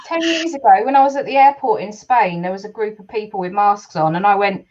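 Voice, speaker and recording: Woman, guest, casual chat, candid, self-mocking, very lively pitch, lo-fi recording. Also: a little fast, hardly any pauses. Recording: dull lo-fi sound.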